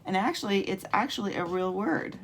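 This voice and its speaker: A woman teacher giving a patient home video lesson on phonics, sounding out letters and words slowly from her room. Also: mid-range voice, expressive, fairly bright tone, slight background noise.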